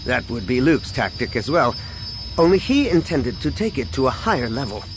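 A man narrating a science-fiction audiobook with a dramatic, expressive reading. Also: medium pitch, moderate pace, background noise. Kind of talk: scripted narration. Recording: music clearly behind.

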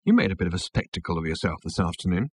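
A man's voice: deep voice, big pitch swings, racing, breathy edge, voice pushed down, heavily acted. A man reading an audiobook, voicing a tall, slim young woman who speaks in a dry, mildly reproachful way. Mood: dry, unimpressed.

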